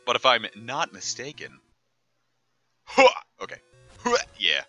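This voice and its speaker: A man's voice: medium pitch, wildly swooping pitch, measured pace, sharp tone, no room sound, dull audio, soft background music. A man streaming a game, making rambling jokes and asides full of fillers. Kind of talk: casual gameplay commentary.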